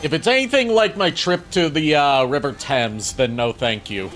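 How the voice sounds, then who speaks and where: A man hosting a game stream, casually talking through his play with jokes and filler pauses. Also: a little high, fairly bright tone, faint music behind. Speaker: streamer host. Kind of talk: casual gameplay commentary.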